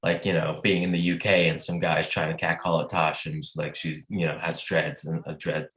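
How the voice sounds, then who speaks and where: A man from the American South, a touring band musician, telling tour stories in a casual, animated way, laughing often and saying "like" a lot over a video call. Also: a bass voice, moderate pace. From Southern United States. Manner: animated storyteller who laughs often and uses many "like" fillers. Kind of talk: casual interview chat. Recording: echoey room.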